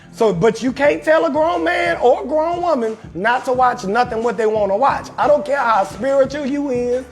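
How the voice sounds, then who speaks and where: A young adult male comedian hosting a live talk show, riffing loudly with crude advice and calling out viewers in his chat. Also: extremely high pitch. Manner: loud, brash, riffing, shouting out viewers in chat. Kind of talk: profane comedic advice monologue on a livestream.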